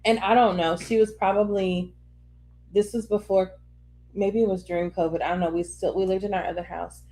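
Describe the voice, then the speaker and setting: A woman in her thirties co-hosting a podcast, telling stories in an animated, laughing way. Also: medium pitch, fairly quick. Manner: animated storyteller, laughs through her words. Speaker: podcast co-host. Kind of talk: casual podcast chat.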